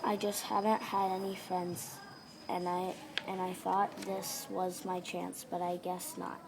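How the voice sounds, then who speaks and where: A woman's voice: lowish voice, unhurried, vocal fry, noisy background. Ernie, a woman voicing an eager lonely lamb. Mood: sorry. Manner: eager, loud when excited. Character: lonely excitable young black sheep.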